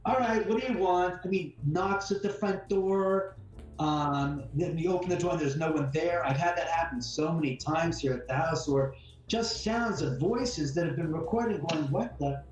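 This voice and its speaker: A man telling ghost stories in a casual interview, rambling and animated, often repeating words and swearing mildly. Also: a little high, moderate pace, dull audio. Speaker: homeowner guest. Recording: echoey room from far off, faint music.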